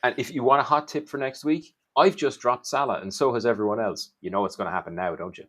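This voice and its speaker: A man's voice: medium pitch, quick pace, a bit bright. A man co-hosting a football podcast, with dry, teasing banter. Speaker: podcast co-host. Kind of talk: casual football chat.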